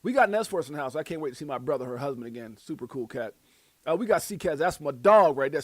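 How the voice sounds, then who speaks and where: A man with a fairly high voice, hosting a crypto livestream and chatting casually with his viewers. He rattles off slangy, animated shout-outs one after another. The sound is dry and close, with no room echo. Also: quick pace. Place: Las Vegas.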